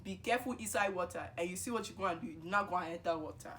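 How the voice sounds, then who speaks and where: A woman's voice: on the low side, rapid-fire, a bit bright, slight background noise, natural voice. A woman imitating her scolding mother. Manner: lecturing, repeating warnings. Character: scolding mother, teasing and preachy.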